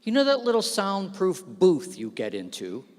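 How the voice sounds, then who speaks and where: A man's voice: sits high, moderate pace. A man giving a self-deprecating, storytelling speech from the stage at an awards gala, speaking into a stage microphone. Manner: self-deprecating, animated anecdotes. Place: large hall. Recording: long hall reverb.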